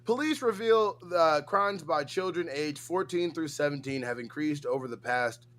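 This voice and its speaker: A man co-hosting a casual livestream chat, loud and profane, with exaggerated reactions while reading news items aloud. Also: a little high, normal speed. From United States. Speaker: co-host.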